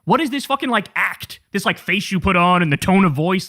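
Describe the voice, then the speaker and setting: A man's voice: high voice, animated, brisk, sharp tone, no echo, clean studio sound. A man hosting an angry political commentary show, ranting with profanity and sarcasm at clips he plays.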